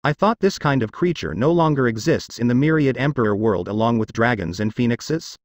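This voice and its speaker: A man's voice: medium pitch, brisk, no room sound, clean studio sound, natural voice. A man voicing a confident young cultivator emperor who mutters his thoughts aloud, in a web novel audiobook. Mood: puzzled. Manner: musing, muttered.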